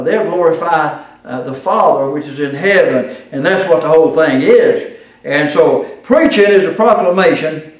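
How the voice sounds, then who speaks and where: A man teaching a class on preaching, folksy and halting, with many fillers and restarts. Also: a little high. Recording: very echoey room from a distance.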